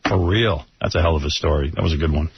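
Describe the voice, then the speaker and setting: A man's voice: a bass voice, fast talker, vocal fry, slight background noise. A male radio host in crude, joking casual chat. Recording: muffled radio broadcast.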